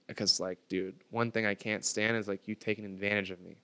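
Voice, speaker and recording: Young man, podcast guest, slangy storytelling, lowish voice, smooth clear tone. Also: a little fast. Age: 20s. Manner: animated, slangy, swings loud when reenacting anger.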